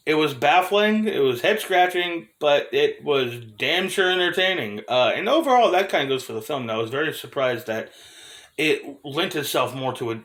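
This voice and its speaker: A man's voice: fairly high pitch, vocal fry, fairly bright tone. A man in his thirties giving a casual, profane film review, talking loosely with fillers, restarts and frequent laughs.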